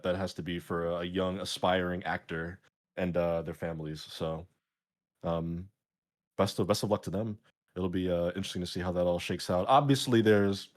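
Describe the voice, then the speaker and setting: A man with a lowish voice hosts a casual streamed chat show. He rambles and jokes, padding his talk with fillers. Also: a little mellow. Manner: rambling, jokey, many fillers. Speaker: show host.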